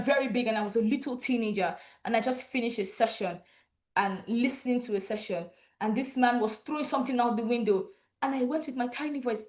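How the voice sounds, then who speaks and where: Brief: bubbly young female host from Nigeria, slightly high voice, live online ceremony. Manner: lively, chatty, laughs often. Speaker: event host. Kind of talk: live online graduation hosting.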